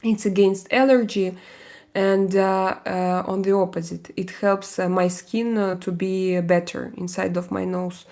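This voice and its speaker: Woman, Russian accent, live streamer, casual chat, unhurried, hesitant, mid-pitched. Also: flat delivery, a little mellow. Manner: hesitant, halting with many fillers, laughs often.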